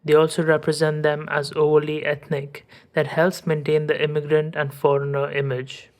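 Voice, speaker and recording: A woman podcast host reading a scripted essay in a measured, academic way. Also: deep voice, level tone.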